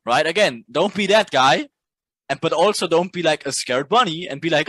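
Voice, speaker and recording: A male trading instructor lectures in a casual, blunt way, swearing freely and tagging his points with "right?". His voice sits a little high for a man. The recording is dry and close, with no room sound. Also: expressive, normal speed, bright, forceful tone, dry recording. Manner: blunt, profane, keeps asking "right?".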